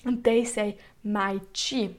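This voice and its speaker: A young woman speaking English with a Swiss German accent gives an informal presentation. She talks at an unhurried pace, pausing often with ums and correcting herself. Her pitch sits in an ordinary middle range. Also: fairly even intonation. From Switzerland. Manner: hesitant, with many ums and self-corrections.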